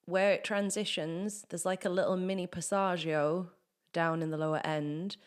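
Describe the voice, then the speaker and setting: A woman's voice: on the low side, steady tone, moderate pace, soft background music. A woman teaching singing, chatting through technique and breaking into sung exercises. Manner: chatty, explains then sings vocal exercises. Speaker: vocal coach. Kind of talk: singing lesson with demonstrations.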